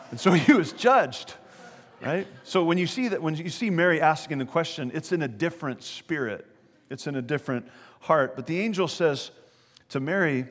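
A man preaching a sermon as pastor, animated and conversational, asking his listeners questions as he goes. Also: fairly high pitch, normal speed, long reverb tail.

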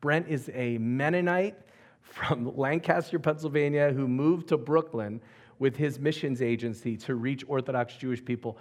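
Animated male evangelist telling a story. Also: medium pitch, moderate pace. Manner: animated, acts out quoted dialogue. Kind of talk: storytelling testimony.

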